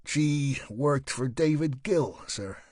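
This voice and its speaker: A man's voice: mid-range voice, slow pace, a little mellow, no echo, voice pushed up. A male narrator playing a police sergeant who questions a suspect in a dry, pointed way. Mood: probing.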